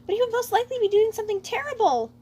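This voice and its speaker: A jittery young turtle soldier squeaks out his words, as a woman reads him, voice pitched high and shrill. The narration has a faint hum of noise beneath it. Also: expressive, racing, mellow. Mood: frightened.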